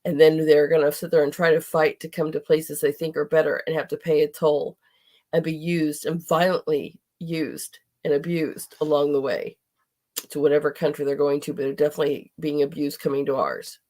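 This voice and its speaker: A woman's voice: deep voice, fairly even intonation, normal speed, mellow. A middle-aged woman hosting a podcast, speaking in an impassioned, indignant monologue and at times near tears. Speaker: podcast host.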